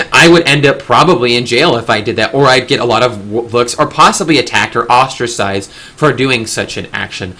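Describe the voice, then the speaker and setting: A man's voice: mid-range voice, moderate pace, sharp tone. A young man hosting a casual discussion, talking earnestly in long, rambling stretches with frequent restarts. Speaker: discussion host.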